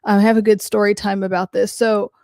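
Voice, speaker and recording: Blunt, gravelly-voiced woman podcast host. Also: mid-range voice, little pitch movement, brisk, a little mellow, no room sound, clean studio sound. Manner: blunt and frank, swears casually, heavy use of "like". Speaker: mental health podcast host who works with clients. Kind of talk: casual podcast talk answering listener questions.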